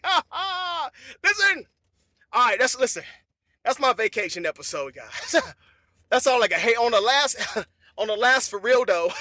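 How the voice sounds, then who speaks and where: A man hosting a comedy podcast, talking in a loose, animated monologue. He repeats phrases and breaks into laughter. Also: very high-pitched, unhurried, dry recording.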